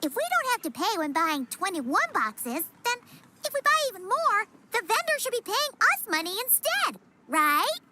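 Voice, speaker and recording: A woman voicing a tiny, excitable female companion creature in a video game, who talks about herself in the third person. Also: very high voice, moderate pace, heavy background noise. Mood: excited. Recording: game audio with music behind.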